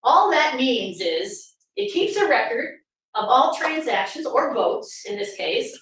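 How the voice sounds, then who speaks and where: A woman's voice: on the high side, expressive, normal speed, a bit bright. A woman giving a presentation to an audience, sarcastic and full of rhetorical questions. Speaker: speaker at a political summit. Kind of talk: presentation talk. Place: meeting room with audience. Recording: very echoey room from far off, faint noise.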